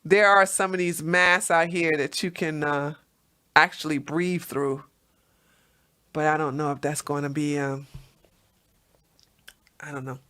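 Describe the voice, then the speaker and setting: This woman's voice sits low, and she speaks a little slowly with frequent pauses. Hosting a relaxed livestream, she goes through chat comments and tells animated stories, laughing often and repeating words.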